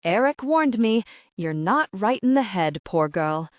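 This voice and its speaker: A woman's voice: mid-range voice, sing-song, fairly quick, a little mellow, dry recording, clean studio sound, natural voice. A woman voicing a housekeeper in her fifties who has a Cockney-Italian accent, a piercing voice and a stiff, easily offended manner, in an audiobook. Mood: pitying.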